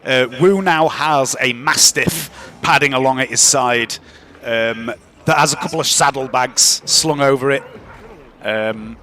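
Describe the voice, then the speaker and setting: A man narrating and running a tabletop role-playing game in a relaxed way, with fillers. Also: mid-range voice, measured pace, slight background noise. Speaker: game master.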